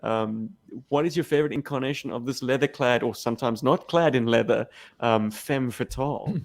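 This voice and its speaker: A man's voice: medium pitch, normal speed, gravelly. A South African man co-hosting a podcast, jokey and teasing as he steers the chat. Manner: jokey and teasing, leads the discussion. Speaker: podcast co-host. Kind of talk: casual chat.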